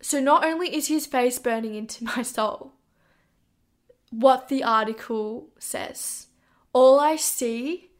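A woman, hosting and telling a personal story in a candid, swear-heavy, animated way. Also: a little high, takes it slowly. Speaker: podcast host. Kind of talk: casual storytelling.

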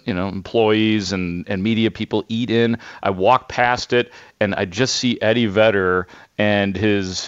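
A man in sports radio, chatting on air with a low, smooth and resonant voice. He tells his story casually and with animation, poking fun at himself. The sound is dry, close and a little muffled. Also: no room sound. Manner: animated, self-deprecating anecdote teller with laughs.

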